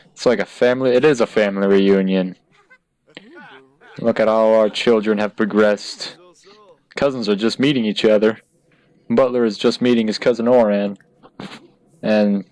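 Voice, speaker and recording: Young man, lowish voice, casual gameplay commentary, jokey, mock-dramatic narration. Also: a little mellow, no echo. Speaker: gaming YouTuber. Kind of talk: casual Let's Play commentary.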